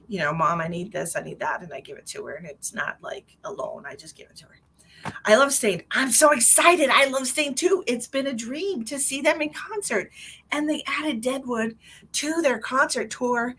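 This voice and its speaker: A bubbly middle-aged woman chats through her live stream as a psychic medium. She rambles from one thing to the next and laughs often. Her voice sits a little high and leaps up and down a lot, with faint room sound behind her. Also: pushed and bright, slight background noise. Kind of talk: casual live-stream chat.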